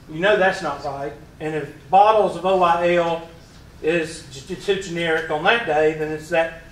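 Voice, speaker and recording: A man with a Southern US accent teaches math in a relaxed, joking way, often tossing questions at the class. His voice is bright and a little high. The recording picks him up from across a roomy classroom, with faint hiss. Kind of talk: classroom lecture. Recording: roomy classroom, mic far away.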